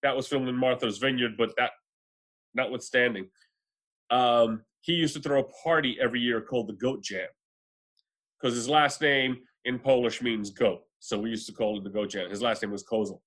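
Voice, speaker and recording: A man co-hosting a casual movie podcast, telling stories with animated energy and acting out the people he quotes. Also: mid-range voice, moderate pace. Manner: animated storyteller, acts out quoted voices. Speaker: podcast co-host. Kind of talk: casual movie chat and storytelling.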